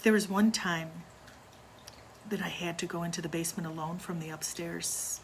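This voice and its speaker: An older woman tells a ghost story from her own childhood in a low, gravelly voice. She speaks slowly and quietly, often sinking almost to a whisper. Faint background noise sits under the recording. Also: fairly even intonation, poor audio. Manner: hushed, slow, dropping to near whispers. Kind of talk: personal ghost story narration.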